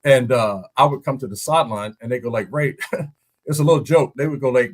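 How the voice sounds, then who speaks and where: A man, a former football lineman, breaking down a game on a podcast in animated, story-driven casual chat, laughing often. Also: mid-range voice, fast talker. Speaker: guest analyst, former NFL lineman.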